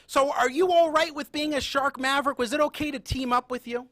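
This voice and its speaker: A man's voice: very high voice, fairly quick, fairly bright tone, no room sound. A young adult man hosting a talk show in an upbeat, enthusiastic way. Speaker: host.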